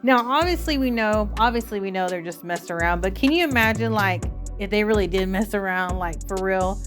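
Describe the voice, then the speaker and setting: A woman's voice: mid-range voice, fairly quick, soft background music. A woman chatting casually about clips for her channel, amused and talkative. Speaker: commentary channel host. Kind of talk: casual commentary over clips.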